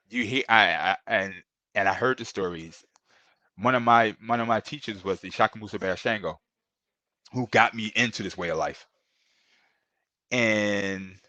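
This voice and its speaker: A man's voice: lowish voice, fairly bright tone, dry recording. A middle-aged man, a podcast guest, telling earnest and emotional stories in a casual interview, often repeating himself and calling the host bro.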